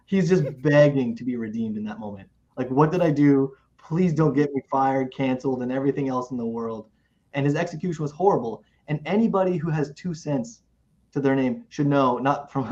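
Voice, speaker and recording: A man co-hosting a show in casual chat, talking in an animated way, often restarting and repeating himself. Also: a little high. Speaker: podcast co-host. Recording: muffled lo-fi recording.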